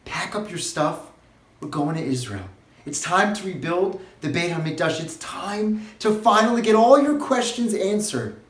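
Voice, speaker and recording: A man voicing a gentle old male prophet who softly and tenderly calls his people home. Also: high-pitched, expressive, normal speed. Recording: roomy echo, faint music.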